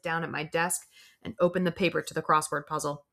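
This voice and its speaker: A woman's voice: sits low, level tone, fairly quick, gravelly, bright, forceful tone. A woman reading a first-person audiobook in a wry, dry storytelling manner. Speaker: audiobook reader.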